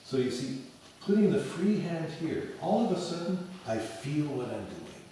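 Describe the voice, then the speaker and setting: Animated male piano teacher in echoey hall. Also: on the high side, normal speed, far from the mic, heavy background noise. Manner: animated, sings phrases as "da da da". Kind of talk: lecture and demo lesson. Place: large echoey hall with an audience. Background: piano playing.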